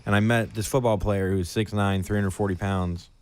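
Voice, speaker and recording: A man co-hosting a podcast, telling a crude, rowdy story in casual chat and loudly acting out what people said. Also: lowish voice, fairly even intonation, a little fast, clear, resonant tone, no echo. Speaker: podcast co-host.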